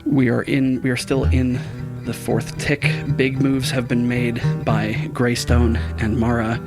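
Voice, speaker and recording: A man's voice: mid-range voice, flat delivery, unhurried, music in the background. A man running a tabletop game as game master, narrating earnestly. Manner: earnest, chokes up while narrating.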